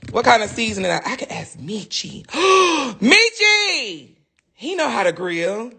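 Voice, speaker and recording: A man's voice: sits high, fairly quick, vocal fry, a bit bright, breathy edge. A man chatting casually to his viewers on a phone livestream, talking straight to them as he goes.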